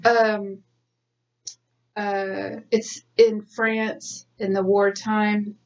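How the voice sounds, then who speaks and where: A woman's voice: medium pitch, little pitch movement, very slow, darkish tone. A woman co-hosting a podcast in a rambling casual chat, laughing often. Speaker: podcast co-host. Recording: dull lo-fi sound from a distance.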